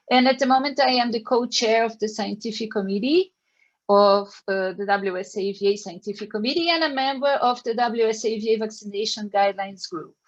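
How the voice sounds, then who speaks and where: A woman's voice: medium pitch, dull audio. An older woman from Brazil, hosting a casual panel chat over a video call and inviting each guest to speak. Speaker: panel host, veterinary professor.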